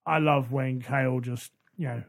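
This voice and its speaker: A man's voice: mid-range voice, fairly even intonation, normal speed, creaky. A man chatting casually on a podcast, adding lore details to the discussion. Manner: conversational, adds lore details. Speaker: podcast co-host. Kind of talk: casual chat about a book.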